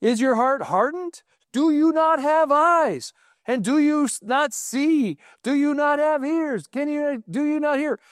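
A man's voice: extremely high pitch, measured pace, no room sound, studio quality, pitched above the performer's own voice. A man doing an exasperated teacher scolding. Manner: pleading, incredulous questions. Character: exasperated male teacher scolding his followers.

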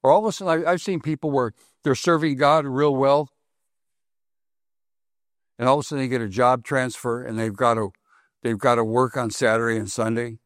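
A man preaching a sermon, his voice sitting at an ordinary middle pitch. He repeats key phrases for weight and turns questions out to the congregation. The sound is dry and close, with no room echo. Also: fairly even intonation, fairly quick, long pauses. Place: congregation hall.

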